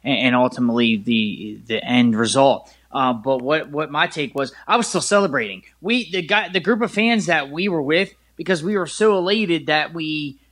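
A man on a sports talk show, telling a stadium story in an excitable, rambling way with many restarts. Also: a little high, normal speed, few pauses.

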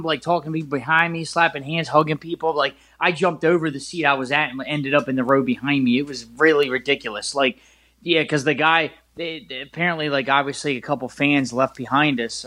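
A man on a sports talk show, telling a stadium story in an excitable, rambling way with many restarts. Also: on the high side, fast talker.

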